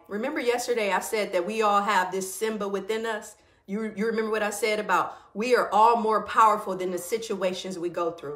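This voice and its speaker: A lively woman hosting a morning live stream with a fairly high voice. She calls out to viewers by name and pumps them up. She slows into a reflective tone when reading her own notes. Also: roomy sound. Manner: animated, greets viewers by name, hypes them up. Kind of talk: casual motivational live-stream talk.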